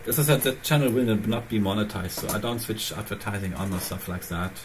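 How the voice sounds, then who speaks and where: A man's voice: on the low side, brisk, noisy background. A man hosting his own channel, chatting casually and rambling as he thinks aloud, with phrasing. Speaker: channel host. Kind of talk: casual chat.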